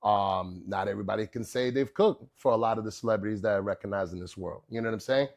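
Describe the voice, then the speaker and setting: A man, a chef guest on a podcast, telling stories in a casual, animated way, with many fillers like "you know what I'm saying". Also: on the low side, fast talker. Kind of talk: casual storytelling.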